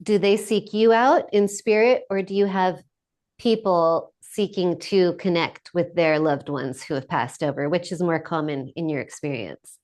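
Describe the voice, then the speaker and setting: Low-voiced woman podcast host. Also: measured pace, darkish tone. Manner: supportive, frequent affirmations. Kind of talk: interview.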